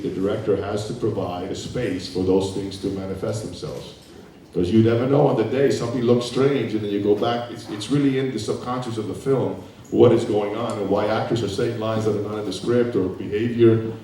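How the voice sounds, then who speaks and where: An animated man in his fifties tells a story as a panel guest, acting out the voices of people he quotes. His voice has a slightly low pitch. It comes from far off the mic and echoes around a big hall, with faint noise behind it. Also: fairly quick. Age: 50s. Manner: animated, acting out quoted lines, laughing often. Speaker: guest actor. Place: festival event hall.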